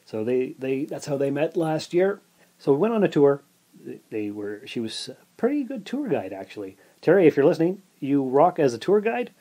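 A man's voice: a little high, big pitch swings, moderate pace, warm tone. A man hosting his own podcast, casually telling a rambling story full of asides and filler words. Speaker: podcast host.

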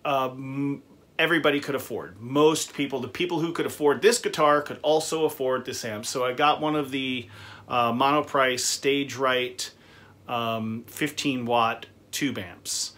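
A man talks through a guitar review in a loose, conversational way. His pitch sits in the middle of the usual range. He fills pauses with small sounds and laughs easily. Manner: relaxed, chatty, frequent fillers and laughs. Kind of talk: casual gear review.

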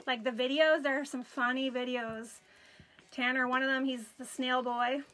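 A chatty woman hosts a craft live stream, talking casually as she works and greeting viewers by name. Her voice sits high, with a bright, clear edge. She tells her stories in an animated, friendly way. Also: normal speed, low-quality recording. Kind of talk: casual chat while crafting.

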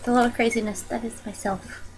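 High-pitched bubbly young woman vlogger. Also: fairly even intonation, a little fast, a little hiss or hum, low-quality recording. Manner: bubbly, giggly, with sudden squeals. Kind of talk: casual chat.

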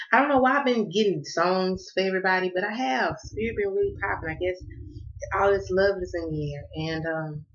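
A woman's voice: lowish voice, dull audio. A woman with a Southern American accent giving a casual tarot reading to camera, chatty and laughing, often checking in with "okay?" and calling listeners "baby". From Southern United States. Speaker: tarot card reader.

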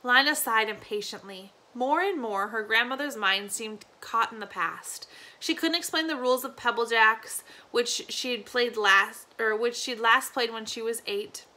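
Bright-voiced teacher reading a novel aloud. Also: female voice, fairly high pitch. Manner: steady, with small slips and restarts.

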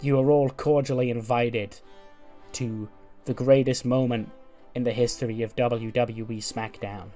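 Pompous herald proclaiming slowly and grandly, a man putting it on, mid-pitched, faint music underneath. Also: steady tone, warm tone, lightly acted. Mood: grandiose. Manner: slow, grand, drawn-out delivery. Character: pompous male herald making a royal proclamation.

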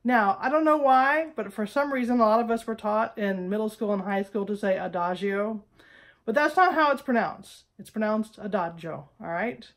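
A woman with a fairly high voice hosts a casual weekly lesson straight to the camera. She talks in a playful, emphatic way and keeps checking in with her listeners. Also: expressive, brisk, few pauses. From United States. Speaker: host of a weekly music tips show. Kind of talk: casual direct-to-camera teaching.

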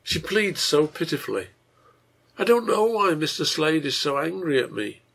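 A severe, reproachful wife speaks with weight, as a man puts her on. Her words come through a husky, gravelly voice, and she never raises her tone into shrillness. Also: medium pitch, normal speed, a bit bright. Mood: grieving. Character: stern grown woman, the innkeeper's wife.

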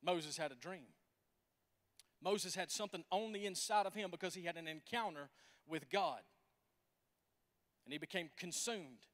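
A pastor in his forties preaches with an animated, folksy storytelling manner. His voice sits very high for a man, and it echoes through a church sanctuary with a long reverb. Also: normal speed, long pauses. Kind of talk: sermon.

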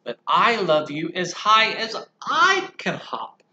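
A man voicing a big grown-up hare from a storybook, speaking slowly, fully and with emphasis. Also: sits high, wildly swooping pitch, bright, forceful tone, reverberant, highs cut off, pitched above the performer's own voice, heavily acted. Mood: fond. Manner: slow, full and emphatic. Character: big grown-up father hare, gentle and loving.

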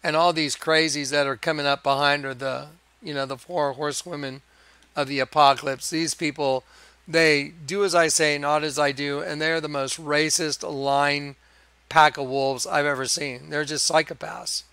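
Male video preacher, crisp clear tone, excitable rambling monologue, dry close recording. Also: fairly high pitch, normal speed, dry recording. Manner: excitable, emphatic, chuckling. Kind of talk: rambling religious monologue over images.

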